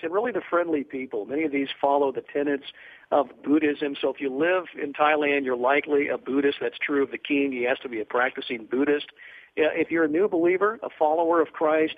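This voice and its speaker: A man, a ministry guest on a radio talk show, telling an earnest story with many fillers over a phone line. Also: fairly high pitch.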